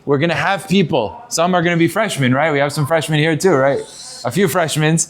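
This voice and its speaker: A rabbi giving a sermon to students. His voice sits fairly high, and he tells stories in an animated way, mixing in Hebrew terms. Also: a little fast.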